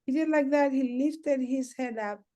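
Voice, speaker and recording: Mellow-voiced woman healer, gentle and reflective. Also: sits high, normal speed. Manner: gentle, reflective, many "you know"s. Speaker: trauma healer, interview guest. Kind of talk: conversational storytelling.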